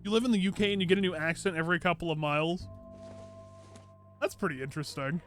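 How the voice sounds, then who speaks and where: A man's voice: fairly high pitch, quick pace, fairly bright tone, soft background music. A man streaming a game, chatting and joking casually as he plays. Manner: chatty, jokey, mocks old accents. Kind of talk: casual gameplay commentary.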